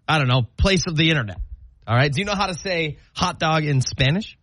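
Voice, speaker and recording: A young man co-hosting a morning radio show in casual, playful banter, quick with asides and laughs. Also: fairly high pitch, lively intonation, fairly bright tone, no room sound. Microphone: studio microphone.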